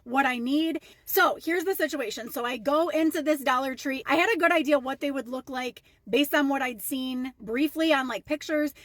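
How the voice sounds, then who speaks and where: A woman's voice: high voice, normal speed, hardly any pauses, a bit bright, no room sound. A young woman telling a casual storytime rant to her followers, chatty and indignant. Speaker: storytime vlogger.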